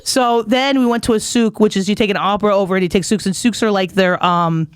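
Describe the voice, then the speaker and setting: A woman's voice: medium pitch, steady tone, quick pace, clean tone, no room sound. A woman comedian telling rambling, profane stories in a casual podcast chat on a close mic. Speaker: comedian guest.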